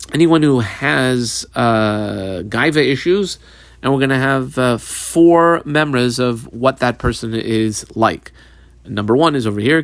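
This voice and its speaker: A man leads a Talmud class, reading out Aramaic lines and then explaining them in English, pausing often with fillers. His voice sits at an ordinary middle pitch and sounds close and dry, with no room around it. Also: no room sound. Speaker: Talmud teacher.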